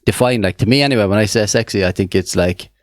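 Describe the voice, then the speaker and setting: Low-voiced Irish man, dry sound. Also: quick pace, dry recording. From Ireland. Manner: rambling, laughs often. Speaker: podcast co-host. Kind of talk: casual banter.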